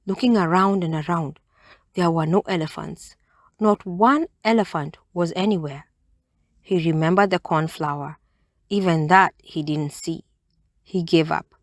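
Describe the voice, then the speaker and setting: A woman reading a children's bedtime story aloud, in a gentle and expressive way. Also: lowish voice, dry recording, studio quality.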